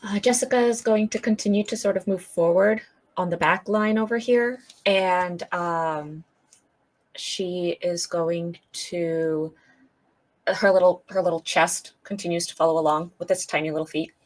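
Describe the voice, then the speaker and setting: A woman playing a tabletop game, describing her character's actions in a halting way, full of fillers. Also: fairly low pitch. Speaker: player. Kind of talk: tabletop role-play chat.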